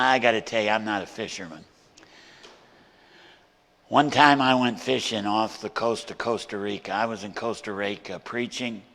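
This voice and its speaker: A man preaching a sermon as a guest pastor in a church, moving between hushed storytelling and loud, emphatic preaching. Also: on the low side, big-room sound. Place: church sanctuary.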